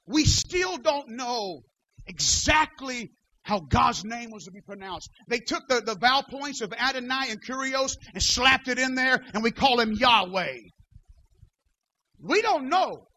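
A man, a pastor, preaching a sermon. He swings from shouted declarations down to quiet, almost whispered asides, and he reads scripture aloud in formal old-style wording. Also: extremely high pitch, expressive, a little slow.

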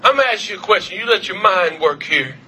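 A man preaching a revival sermon, fervent, repeating his questions and shouting at the peaks. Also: high-pitched, animated, quick pace, a little hiss or hum. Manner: fervent, shouting at peaks, repetitive calls to the congregation. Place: church service.

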